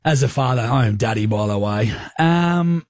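A man with an Australian accent, co-hosting a radio show and telling a lively story, acting out voices and sounds as he goes. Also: mid-range voice, normal speed, dry recording. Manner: animated storyteller who acts out voices and sounds. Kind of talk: casual banter, telling a story.

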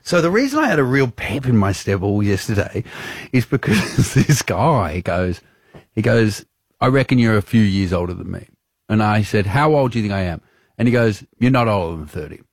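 A man in his thirties co-hosts a radio show, his pitch leaping around as he tells a story. His voice is a little husky, and the studio sound is close and dry. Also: normal speed, no echo. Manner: animated storyteller, laughs often. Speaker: radio co-host. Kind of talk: casual radio banter.

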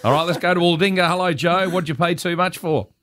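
A man's voice: sits high, steady tone, quick pace, fairly bright tone, no room sound. An Australian man hosting breakfast radio, bantering and taking calls. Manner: jokey banter with co-hosts. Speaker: radio host.

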